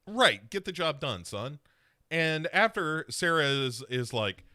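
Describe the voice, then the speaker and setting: A male podcast co-host in casual chat, retelling films with animated energy and slipping in voices. His tone is bright and forward, his pitch swoops, and the close mic sounds dry. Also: slow pace, no echo. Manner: animated storytelling, acting out characters.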